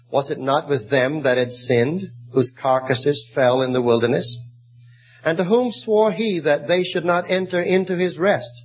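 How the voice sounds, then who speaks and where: A man preaching an evening sermon who reads scripture in a measured, archaic cadence and tells illustrative stories. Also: a little high, a little hiss or hum. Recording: muffled lo-fi recording.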